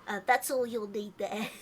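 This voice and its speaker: Woman doing anxious fussing dad, stammers, slow and fretful. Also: a little high, fairly even intonation, slight background noise, natural voice. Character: anxious fussing father of a young adventurer.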